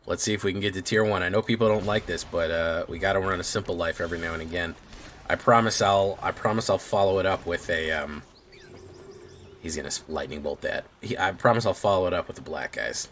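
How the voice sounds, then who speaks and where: Low voiced guy streaming a card game, mumbling plays, little boom exclamations. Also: fairly bright tone, slight background noise. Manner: mutters plays aloud with quick exclamations. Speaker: gaming streamer. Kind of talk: casual gameplay commentary.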